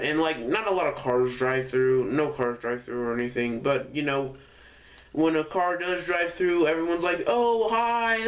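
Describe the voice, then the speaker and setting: A young man telling a casual storytime, rambling and correcting himself often with lots of fillers. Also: fairly high pitch. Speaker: vlogger.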